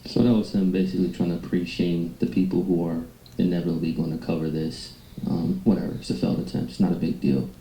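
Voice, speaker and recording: A man's voice: sits low, level tone, fast talker, mellow, reverberant, slight background noise, low-quality recording. A man giving blunt, mocking commentary on clips from a livestream. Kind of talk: reaction commentary on stream clips.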